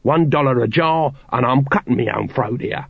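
A man voicing a shifty, fast-talking male street hawker with a wheedling salesman's patter. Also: medium pitch, creaky, breathy edge, no room sound. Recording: dry, slightly dull studio recording.

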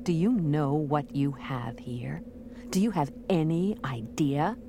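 A woman's voice: low-pitched, lively intonation, slow, heavily acted. A woman reading the part of a guarded male informant in an audiobook. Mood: awed. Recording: noisy recording.

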